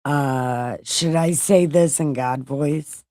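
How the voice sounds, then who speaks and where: A woman's voice: sits low, takes it slowly, dark tone, no echo, clean studio sound. A woman hosting a casual live-stream Bible reading, irreverent and joking, with swearing. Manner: irreverent, joking, swears and laughs at her own jokes.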